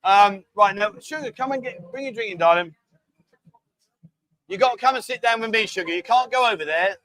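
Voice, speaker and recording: A man's voice: high-pitched, brisk, pushed and bright, no room sound, rough recording. A man hosting a casual live show in a bar, joking, coaxing guests into quizzes and drinking games, calling them darling. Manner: jokey, bossy, coaxing, calls people darling. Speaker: host.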